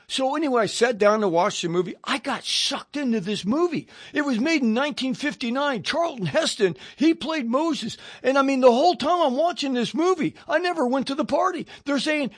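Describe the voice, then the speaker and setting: Older male radio preacher, high voice, animated storyteller, close dry mic. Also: husky, no echo. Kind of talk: testimony sermon.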